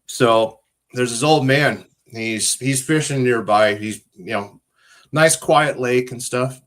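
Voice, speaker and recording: A man rambles through jokes in a relaxed group chat, knocking his own storytelling as he goes. His pitch is middle of the road. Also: slow. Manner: rambling, self-deprecating, laughs often. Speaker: trucker. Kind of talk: casual joke-telling chat.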